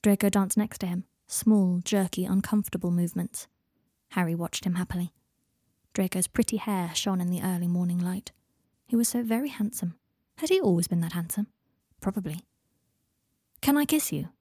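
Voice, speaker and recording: A woman narrating fiction aloud in a soft, even voice, dropping to whispers on speech tags. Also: lowish voice, moderate pace, slightly rough, no echo, studio quality. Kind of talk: audiobook fiction reading.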